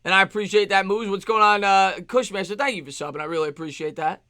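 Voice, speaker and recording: A man hosting a live sports stream, greeting chat viewers by name in quick shout-outs. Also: sits high, smooth, dry recording.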